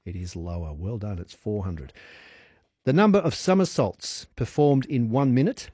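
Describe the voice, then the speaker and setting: A man's voice: fairly low pitch, animated, normal speed, mellow, slightly rough, no room sound, studio quality. A man hosting a radio phone-in quiz, chatty and upbeat, laughing easily with callers. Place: radio studio.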